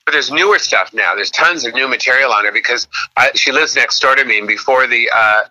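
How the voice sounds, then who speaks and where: Bright-voiced animated male guest. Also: fairly quick, low-quality recording. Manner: animated storyteller, acts out quotes in a higher voice. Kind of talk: casual interview chat.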